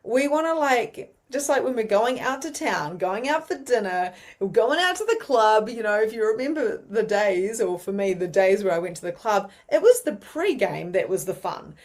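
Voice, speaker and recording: A woman's voice: mid-range voice, normal speed, hardly any pauses. Chatty New Zealand woman teaching. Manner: chatty, animated, many fillers. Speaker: mediumship teacher. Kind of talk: casual teaching monologue.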